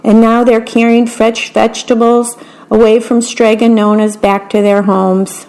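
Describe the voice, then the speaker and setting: Gravelly-voiced woman reading picture books aloud. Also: fairly high pitch, flat delivery, rough recording. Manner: gentle, unhurried, describes the pictures. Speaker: storyteller.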